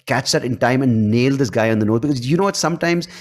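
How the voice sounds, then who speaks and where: A man's voice: medium pitch, expressive, fast talker. A man hosting a podcast, talking bluntly and animatedly, swearing freely. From India. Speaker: podcast host. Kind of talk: casual interview chat.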